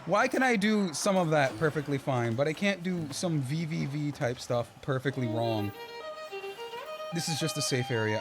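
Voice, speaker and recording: A man's voice: on the high side, lively intonation, normal speed. Man muttering over game music. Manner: frustrated, self-talking, pleading with the game. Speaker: streamer. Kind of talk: live gameplay commentary. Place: home streaming setup.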